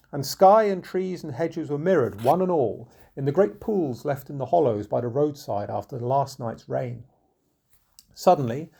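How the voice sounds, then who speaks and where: A man narrating an old folk tale in a measured, unhurried storybook reading. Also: on the high side, vocal fry, mellow.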